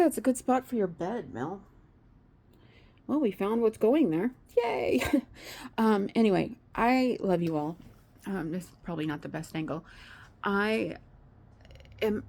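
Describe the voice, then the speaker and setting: Woman vlogging to her camera, gravelly voice, rambly and heartfelt. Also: on the low side, darkish tone. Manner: heartfelt and rambling, tearful at times. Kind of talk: casual vlog to camera.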